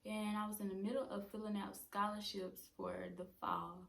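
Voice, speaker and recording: A young woman in her twenties casually telling a personal story at home, chatty and animated. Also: mid-range voice, normal speed, vocal fry. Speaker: vlogger. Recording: roomy echo.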